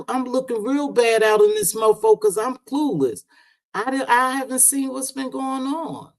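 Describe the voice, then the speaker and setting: A middle-aged woman hosting a casual live stream chat, talking loosely, swearing now and then and calling people sweetheart and baby. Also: lowish voice. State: unwell after medication. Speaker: livestream host.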